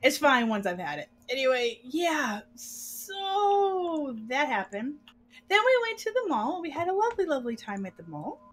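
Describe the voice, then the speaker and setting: A middle-aged woman chats as a podcast co-host, telling a rambling story. Her high, swooping voice stays animated, and she acts out everyone's lines. She laughs often as she goes. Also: normal speed, a little hiss or hum. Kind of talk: casual storytelling chat.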